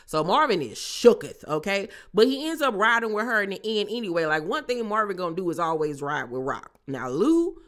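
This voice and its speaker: A bright, forceful voice runs through a casual recap of a TV episode with plenty of sass. The host drops in slangy asides to viewers and pins down each story turn. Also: medium pitch, big pitch swings, brisk, few pauses.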